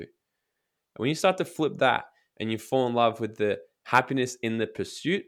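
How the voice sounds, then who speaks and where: Brief: male motivational coach as a guest, energetic, blunt, drops swear words, acts out what people tell themselves. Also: medium pitch, fairly quick. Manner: acts out inner voices in quotes. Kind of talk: casual podcast interview.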